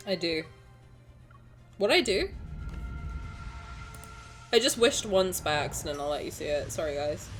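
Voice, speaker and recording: A young woman streaming a game, chatting playfully to her viewers, joking and breaking into excited shouts. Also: medium pitch. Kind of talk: casual game stream commentary.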